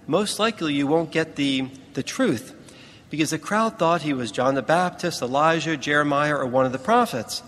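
A man with a slightly raised voice preaches a sermon, slow and deliberate, leaning on pauses to stress his points. His voice carries a long reverb, as if filling a large church. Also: a little high, fairly bright tone. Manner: slow, deliberate teaching delivery with emphatic pauses.

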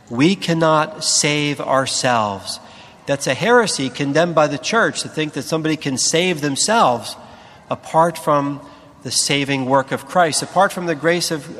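A man delivers a sermon, pausing on key words. His voice sits a bit higher than most men's. The sound rings on in a large church hall. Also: a bit bright. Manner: slow, deliberate preaching with emphatic pauses. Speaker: priest.

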